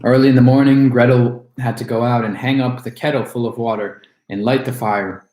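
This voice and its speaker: Guy reading a fairy tale out loud, expressive, roomy echo, middle pitch. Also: moderate pace, faint music behind. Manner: expressive, storytelling. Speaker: storyteller.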